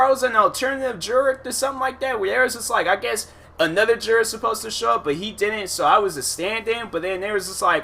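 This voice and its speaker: A podcast host with a rather high, very bright voice tells a story, animated and in a relaxed monologue. He talks slangy and full of fillers, and keeps slipping into exasperated quoted lines. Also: brisk, creaky, hardly any pauses. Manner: casual slangy speech with many fillers.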